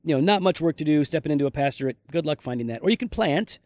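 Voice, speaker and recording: A man's voice: on the high side, animated, racing, a little mellow, no echo, clean studio sound. A man co-hosting a casual church podcast, rambling and self-deprecating, often trailing off into a mumble. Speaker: podcast co-host, pastor.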